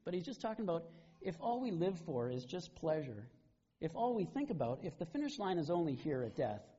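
A middle-aged pastor preaches in a relaxed, conversational storytelling manner with a fairly high voice. His tone is mellow and slightly husky. The recording is dull and lo-fi. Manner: conversational storytelling, frequent restarts. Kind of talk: sermon.

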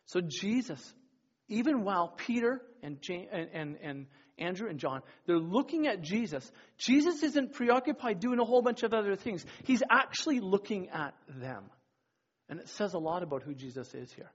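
A youth pastor gives a loose, chatty sermon, often restarting his sentences and playing out the quotes he tells. His voice is a little high for a man and husky. The recording sounds dull and lo-fi. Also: big pitch swings, moderate pace. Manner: rambling and conversational, with many restarts and acted-out quotes. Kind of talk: casual sermon.

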